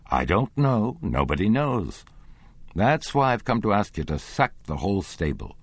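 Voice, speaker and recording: A man's voice: fairly low pitch, sing-song, unhurried, no echo, pitched above the performer's own voice, full character voice. A man voicing an irritable middle-aged riding master, speaking insistently and indignantly.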